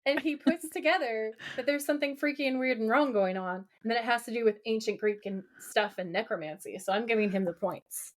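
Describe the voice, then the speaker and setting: A woman's voice: fairly high pitch, a little fast, few pauses. Woman co-host eagerly recapping an episode. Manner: lively retelling, acts out the characters' lines. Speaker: podcast co-host. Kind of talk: casual chat recapping a TV episode.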